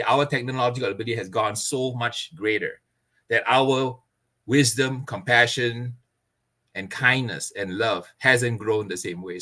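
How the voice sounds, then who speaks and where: An earnest man with a bright, forceful voice talks expansively as an interview guest. He sits at a middle pitch and breaks into laughter now and then. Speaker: barbecue pitmaster guest. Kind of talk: casual interview chat.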